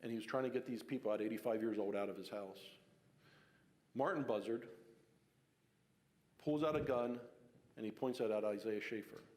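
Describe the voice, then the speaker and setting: A man's voice: fairly low pitch, normal speed, long pauses, a little mellow. A man from giving a casual public talk on local history, telling the story conversationally with fillers and restarts. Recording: long hall reverb.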